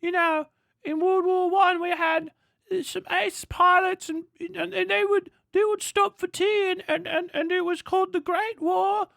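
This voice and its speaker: A man's voice: very high voice, little pitch movement, unhurried, vocal fry, a bit bright, no room sound, pitched above the performer's own voice, heavily acted. A man voicing a boastful, prim British man who is smug and chirpy about the Great War.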